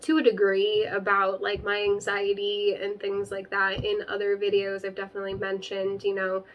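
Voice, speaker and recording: A woman's voice: medium pitch, monotone, moderate pace, lo-fi sound, a little hiss or hum. A young woman chatting casually to camera from her spare bedroom about her plants, rambling with lots of fillers. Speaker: plant vlogger.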